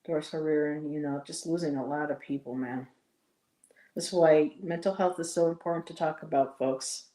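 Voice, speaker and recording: A woman's voice: deep voice, fairly even intonation, moderate pace, warm tone. A woman from western New York with a Buffalo accent, chatting and telling stories on a live stream. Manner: chatty storyteller, voices others in anecdotes. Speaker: stream co-host. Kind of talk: casual live-stream chat. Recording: roomy echo.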